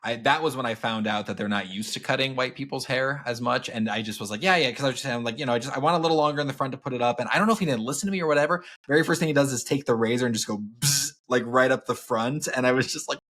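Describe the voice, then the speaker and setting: Bright-voiced podcast co-host, lively storyteller. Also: male voice, mid-range voice, very fast, few pauses. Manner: animated storyteller, laughs often. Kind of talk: casual chat.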